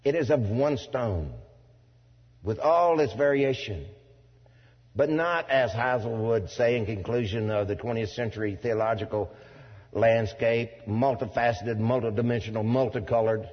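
A man preaching a sermon to a congregation, swinging from loud declaiming to low asides, with folksy turns of phrase. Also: unhurried, slightly rough. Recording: dull lo-fi sound in a reverberant hall.

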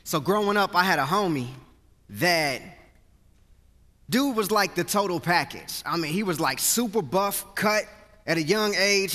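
A man's voice: high-pitched, pushed and bright. A male pastor preaching a sermon into a handheld mic, earnest and mixing scripture with casual slang. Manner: earnest, conversational slang storytelling. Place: church sanctuary. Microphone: handheld microphone. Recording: long hall reverb.

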